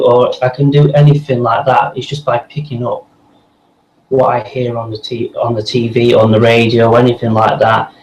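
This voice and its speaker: A man guest on an interview show, recounting his path in a casual, rambling way full of ums and restarts. His voice sits in an echoey room with a faint hum underneath. The delivery is conversational and unhurried. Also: medium pitch, level tone, a little mellow. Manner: rambling, many fillers and restarts. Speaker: voice actor guest. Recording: roomy echo with faint background hum.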